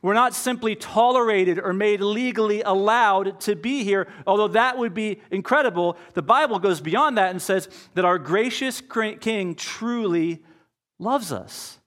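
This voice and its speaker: A man's voice: high voice, a little slow, a bit bright. A pastor preaching a conversational sermon, telling a personal story and acting out his own inner dialogue.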